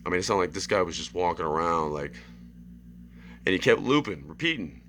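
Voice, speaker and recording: A man's voice: sits low, brisk, slight background noise. A young man rambling through a story in a casual monologue, often asking "right?". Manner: animated, acts out screams and quotes. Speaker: vlogger.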